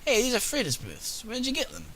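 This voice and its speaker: A man voicing a gruff, suspicious male dwarf bootmaker in a video game, pitched up from his own voice. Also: wildly swooping pitch, fast, fairly bright tone, a little hiss or hum, heavily acted, rough recording.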